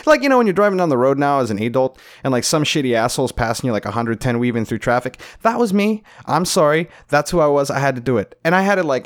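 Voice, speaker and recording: A young adult man from Florida telling a comic story, animated and profane, laughing often. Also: medium pitch. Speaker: comedian. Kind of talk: comedic storytelling.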